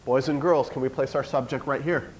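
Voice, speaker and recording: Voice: mid-range voice, steady tone, fairly quick, slight background noise, low-quality recording. A teacher giving a classroom lesson, coaxing the students with question after question.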